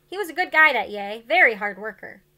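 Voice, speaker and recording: A woman voicing a gruff, blunt older man who owns a motel, reading a storybook aloud. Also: on the high side, lively intonation, a little fast, pushed and bright, exaggerated voice.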